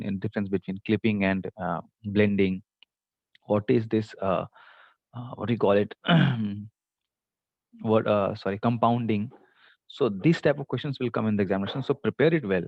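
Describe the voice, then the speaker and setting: Male lecturer, low gravelly voice, halting delivery full of fillers, dry muffled mic. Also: no room sound. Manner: hesitant, many fillers, quizzes students. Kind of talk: online class review.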